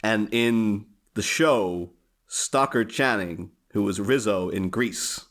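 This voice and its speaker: A man's voice: fairly low pitch, takes it slowly, fairly bright tone. A man co-hosting a casual podcast chat over a remote call, rambling through his points and often laughing as he explains. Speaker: podcast co-host.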